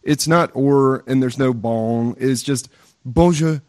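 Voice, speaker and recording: A man's voice: medium pitch, slow pace, darkish tone. An American man hosting a podcast, talking casually with lots of restarts and fillers into his own close mic. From United States. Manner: rambling, many restarts and fillers. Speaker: podcast host. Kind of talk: casual chat. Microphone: own mic with gain control.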